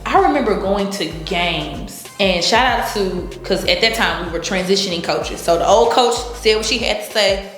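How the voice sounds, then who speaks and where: Woman, casual interview storytelling, animated, acts out quotes, echoey room. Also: medium pitch, normal speed, soft background music. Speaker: interview guest.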